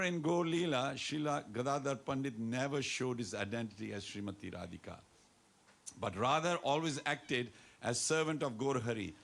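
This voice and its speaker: A man's voice: mid-range voice, gravelly. A man preaching a devotional sermon to a temple congregation, playful and coaxing, dropping Hindi phrases into his talk. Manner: playful, coaxing the audience to respond and dance. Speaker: temple speaker.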